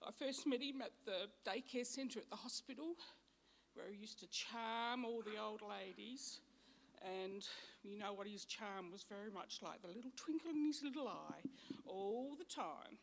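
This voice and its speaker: A woman's voice: medium pitch, moderate pace, gravelly, slight background noise. An Australian woman giving a funeral eulogy in a church, chatty and anecdotal, fond and close to tears. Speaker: eulogy speaker.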